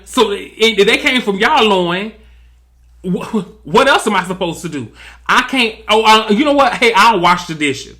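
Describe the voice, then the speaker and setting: A man's voice: high-pitched, lively intonation, unhurried, bright, forceful tone. A man giving sassy, drawling comedic recap commentary on a reality TV episode. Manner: sassy, drawling, mimics cast members in quotes.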